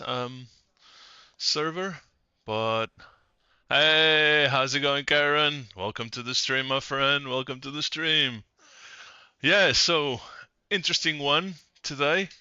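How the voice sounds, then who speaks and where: Slow-talking male sim racing streamer. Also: mid-range voice, no room sound. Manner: chatty, greets viewers by name; talks while concentrating on driving. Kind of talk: live-stream chat while racing. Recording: game stream with loud background music. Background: music in the background.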